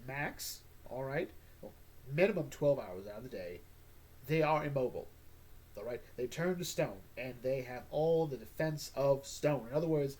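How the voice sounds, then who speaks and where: A man's voice: on the high side, darkish tone. A man hosting a casual comic book recap, rambling and joking with sarcastic asides. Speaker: comic book podcast host.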